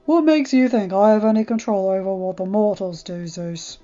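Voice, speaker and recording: A wry, wary male god of the underworld, played by a woman reading fan fiction aloud. He speaks guarded and dry. The recording is dull and lo-fi, with soft music underneath. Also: mid-range voice, moderate pace, natural voice.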